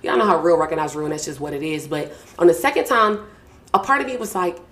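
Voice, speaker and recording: This young adult woman's voice sits low, animated and quick as she hosts a podcast in a small home studio with a podcast mic and mixing board. The talk is casual and heartfelt: warm, effusive and slangy, full of repeated thank-yous to people close to her.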